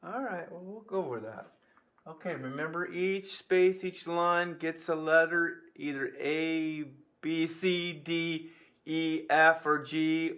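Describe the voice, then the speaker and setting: A man's voice: a little high, takes it slowly, a bit bright. A man teaching a music lesson on video, playful and quizzing, chanting rhythm syllables as he counts beats.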